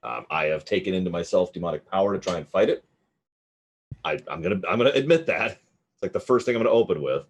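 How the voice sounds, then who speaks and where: Deep, husky, animated game player. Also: male voice, quick pace. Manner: animated and self-mocking. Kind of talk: casual tabletop game chat.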